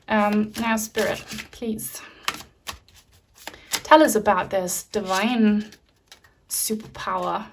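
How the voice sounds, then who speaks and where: A woman doing a pick-a-card tarot reading, talking gently and earnestly, with soft fillers and frequent restarts. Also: mid-range voice, a little hiss or hum. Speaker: tarot reader.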